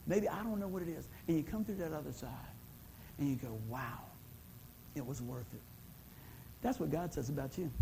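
This is a man delivering a sermon from the pulpit. His voice sits high for a man, and he talks in a folksy, conversational way, checking in with the congregation over and over. Faint room noise sits under the recording. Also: dark tone, rough recording. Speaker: pastor.

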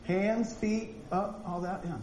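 Man, pastor, animated folksy sermon, repeats words, high voice, roomy echo. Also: takes it slowly. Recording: echoey room with faint noise.

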